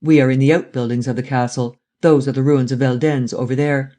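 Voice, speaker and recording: A man's voice: medium pitch, fairly even intonation, brisk, dark tone, close to an everyday voice. A man voicing a harsh, imperious emperor who speaks in short commands in a read-aloud story.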